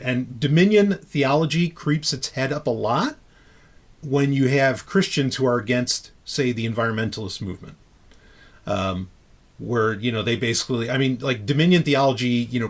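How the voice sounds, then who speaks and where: Chatty, cursing man hosting a podcast. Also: medium pitch. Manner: loose and talkative, swears casually, many restarts. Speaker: podcast host. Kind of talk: casual podcast chat.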